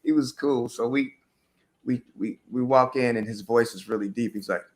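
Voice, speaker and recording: A man's voice: medium pitch, normal speed. A man, a musician guest, telling a loose, rambling story in a casual interview, with many fillers.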